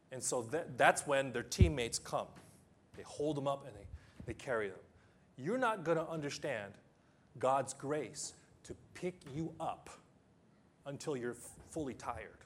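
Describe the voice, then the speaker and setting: A man preaching a sermon as pastor, emphatic, with long pauses, building to loud peaks and then dropping low. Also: slight background noise. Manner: acts out simple illustrations with sound effects.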